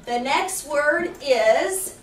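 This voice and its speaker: A woman teaching a third grade spelling lesson, asking the class question after question and slowing down to explain each rule. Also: high-pitched, expressive, a crowd in the background. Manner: patient, questioning, slows down to explain. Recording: roomy, distant, noisy classroom recording.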